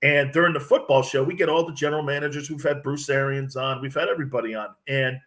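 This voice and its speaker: A middle-aged man, a guest on a sports radio show, telling stories in a blunt, excitable way with many restarts. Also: mid-range voice, fast. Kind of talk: animated storytelling on a sports show.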